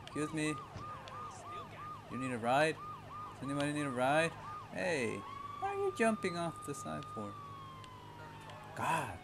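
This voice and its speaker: A man's voice: a little high, very animated, unhurried, long pauses, background noise. A man giving casual, profane commentary while playing a video game, full of frustrated outbursts and laughter. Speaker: gamer.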